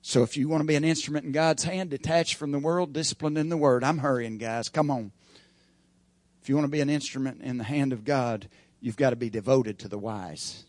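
A man preaching a sermon in a folksy way, rising to loud emphatic passages and dropping to quiet asides. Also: medium pitch, brisk, no room sound. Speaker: pastor.

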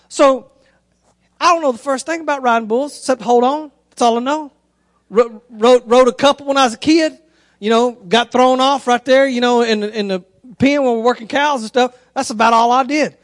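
A preacher with a strikingly high voice, swept up in animated storytelling as he preaches. He keeps calling out to his listeners directly, and the sound is dry and close with no room echo. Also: moderate pace. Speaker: pastor. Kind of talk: sermon.

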